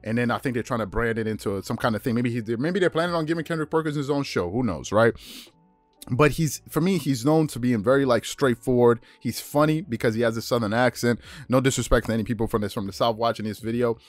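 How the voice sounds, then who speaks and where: A man hosting a sports talk show in a quick, chatty flow, often restarting his phrases. His mid-range voice sounds dry and close to the mic. Faint music plays underneath. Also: medium pitch, no echo. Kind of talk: casual sports commentary monologue.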